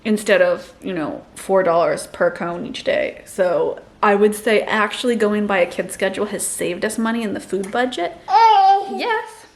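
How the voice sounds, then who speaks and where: A woman's voice: mid-range voice, animated, moderate pace. A woman in her thirties chatting casually to camera as a mother and vlogger, laughing often and cooing to her baby between tips.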